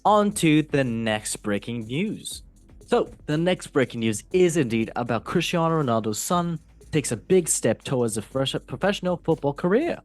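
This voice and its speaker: A man's voice: on the high side, expressive, normal speed, soft background music. A man hosting a casual football podcast, reading news in a chatty, jokey way and tripping over words now and then. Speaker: host.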